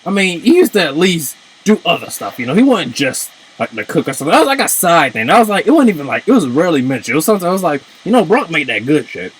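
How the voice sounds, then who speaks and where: A man ranting in casual commentary, swearing and breaking into shouts. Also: a little high, quick pace, few pauses, breathy edge, low-quality recording. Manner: animated, swears, jumps into shouts. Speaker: video commentator.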